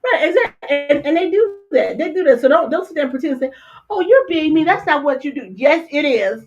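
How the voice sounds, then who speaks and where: An older woman co-hosting a casual talk show, blunt and animated, often stammering and repeating words. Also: high-pitched, fast, faint music behind. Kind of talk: casual political chat. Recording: dull lo-fi stream audio.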